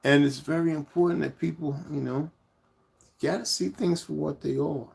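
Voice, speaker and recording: A man's voice: a little high, steady tone, normal speed, vocal fry, a little mellow, husky. A man hosting his own channel, talking loosely and rambling to his viewers as "y'all". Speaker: channel host. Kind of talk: casual vlog talk to viewers.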